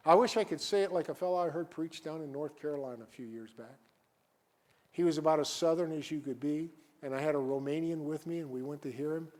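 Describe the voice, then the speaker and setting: A man preaching a sermon as a guest pastor, reading scripture and then talking plainly to the congregation, rising at times to shouted cries. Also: on the high side. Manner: reads scripture slowly, then talks conversationally and rises to shouted cries. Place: church sanctuary.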